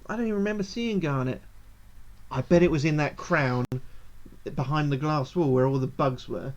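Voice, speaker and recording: Woman streamer, lowish and very lively, exclaims and swears at the game, dull lo-fi audio. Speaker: charity livestream gamer. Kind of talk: playing a game and reading it aloud on a livestream.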